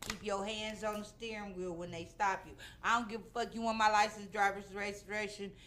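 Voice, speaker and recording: A woman's voice: mid-range voice, fairly even intonation, brisk, echoey room, noisy background. A middle-aged woman in casual chat, blunt and profane with strong opinions.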